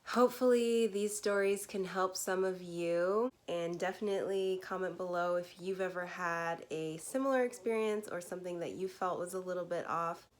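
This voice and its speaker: A woman's voice: on the low side, moderate pace, hardly any pauses. A woman in her twenties chatting casually on camera as she tells a true story, with frequent laughs and lots of fillers. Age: 20s. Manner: chatty, laughs often, many "like"s. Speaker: vlogger.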